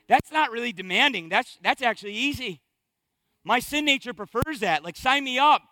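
A man's voice: very high voice, lively intonation, normal speed, sharp tone, no room sound, soft background music. A middle-aged male pastor preaching a sermon with rising fervor and rhetorical questions.

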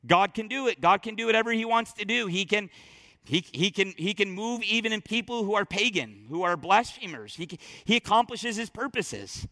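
Emphatic high-voiced preacher in a hall. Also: male voice, animated, moderate pace. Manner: emphatic, storytelling, swings loud and soft. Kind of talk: sermon. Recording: long reverb in large hall.

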